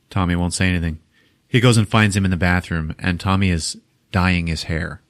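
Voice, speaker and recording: A man's voice: sits low, fairly even intonation, a little fast. A man co-hosting a podcast who retells a movie's scenes in a casual, comedic way, swearing freely and laughing as he goes. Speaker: podcast co-host. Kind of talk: casual comedic film recap.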